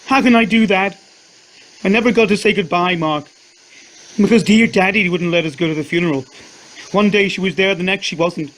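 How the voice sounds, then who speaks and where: A man voicing a distraught young wife who screams and yells in fury. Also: brisk, long pauses, low-quality recording. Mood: desperate. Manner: shrill screaming and yelling.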